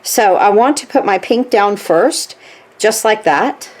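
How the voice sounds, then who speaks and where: A woman's voice: medium pitch, animated, slow. A woman demonstrating a stitching craft step by step, chatty, checking in with "okay?" as she works. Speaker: craft tutorial host.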